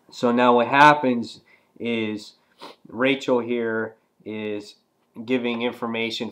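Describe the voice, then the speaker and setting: A man casually reviewing a comic book, rambling and filling pauses with "um" and "you know". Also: lowish voice, fairly bright tone.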